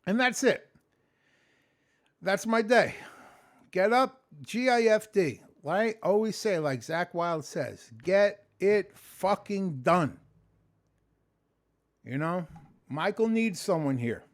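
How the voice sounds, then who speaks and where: A man talking casually in a late-night vlog, exhausted and sleepy, animated and rambling with plenty of swearing. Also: high voice, slow pace. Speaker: vlogger, customer service phone agent.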